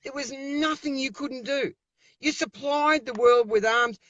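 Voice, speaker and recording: A man's voice: very high voice, measured pace, a bit bright, no room sound, dull audio. An Australian man speaking over a video call as an interview guest, giving fiery, emphatic political talk and repeating himself when worked up.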